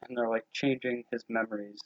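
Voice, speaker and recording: Young dude cohosting a podcast, dry and low-key, mid-pitch voice, muffled lo-fi audio. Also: male voice, little pitch movement, brisk. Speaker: podcast co-host. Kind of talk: casual chat.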